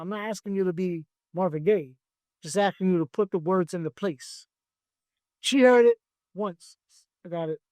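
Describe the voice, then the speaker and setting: A man with a fairly high voice tells stories in a relaxed podcast interview, recorded close and dry with little room sound. He is a music producer, and he acts out the back-and-forth from studio sessions. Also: dry recording. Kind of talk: casual interview storytelling.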